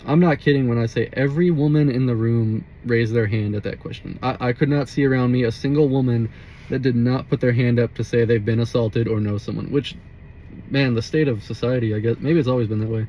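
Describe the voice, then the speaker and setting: A man's voice: mid-range voice, fairly even intonation, fairly quick, mellow, slight background noise, low-quality recording. A young man telling a story in a loose, rambling monologue, swearing often and saying "like" constantly, recorded inside a car. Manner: rambling, profane, heavy use of "like". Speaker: vlogger.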